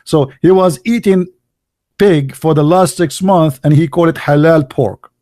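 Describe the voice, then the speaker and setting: A sarcastic man from the Middle East holds forth in English, slipping in fillers and laughing at his own jokes. His voice sits a little high and sounds close and dry, with no room behind it. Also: a little slow, dark tone, no echo. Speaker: channel host. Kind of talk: mocking monologue.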